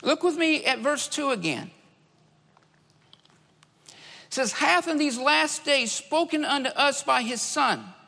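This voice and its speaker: A man's voice: very high-pitched, expressive, slow, gravelly, pauses often, pushed and bright. A man preaching a sermon, emphatic, repeating key phrases for stress. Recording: long hall reverb.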